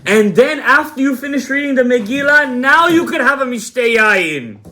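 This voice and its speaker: A man's voice: very high-pitched, animated, normal speed, bright, forceful tone. A man rabbi telling a story to a class, asking the room questions and answering them himself. He drops Hebrew terms into the telling and acts out the dialogue as he goes. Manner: retells scenes with quoted dialogue, sprinkled with Hebrew terms.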